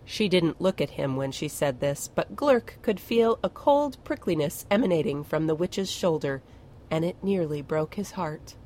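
Low-voiced woman narrating a storybook. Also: slight background noise. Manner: expressive, measured storytelling. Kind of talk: audiobook narration.

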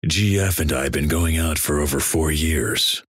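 A man reading crude internet stories aloud in a deadpan way. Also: very deep voice, unhurried, husky, no room sound, clean studio sound. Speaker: narrator.

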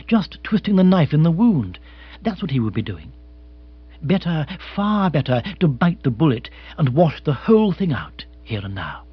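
A man narrating an audiobook in a dry, measured storytelling way. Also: fairly high pitch, sing-song, breathy edge, highs cut off. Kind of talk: audiobook reading.

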